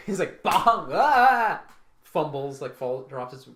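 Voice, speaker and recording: A man's voice: medium pitch, a little slow, a little mellow, slight background noise. A man acting as game master, narrating a tabletop game in a casual, offhand way.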